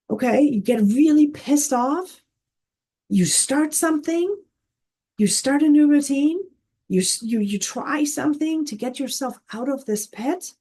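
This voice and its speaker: A woman life coach with a mellow, fairly high-pitched voice teaches in an earnest, casual manner. She repeats words and frequently checks in with "okay?" and "right?".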